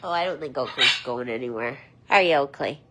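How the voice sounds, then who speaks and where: A woman hosting a casual livestream with her pet parrots, chatting with viewers and switching to high, sing-song baby talk for her birds. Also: animated, brisk. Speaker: pet parrot channel host. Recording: loud background noise with bird clicks.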